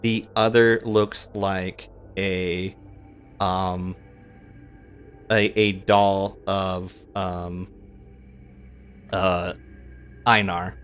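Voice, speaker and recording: A man's voice: deep voice, level tone, extremely slow, long pauses, fairly bright tone. Man, game master, rambling with fillers, dull lo-fi audio, faint music. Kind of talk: narrating a tabletop game.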